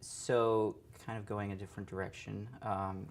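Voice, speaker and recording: Guy hosting a chat show, easygoing, lots of ums, talks fast in spurts, theater stage. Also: lowish voice, slight background noise. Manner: relaxed, many fillers, quick bursts. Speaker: interview host. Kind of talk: casual interview chat.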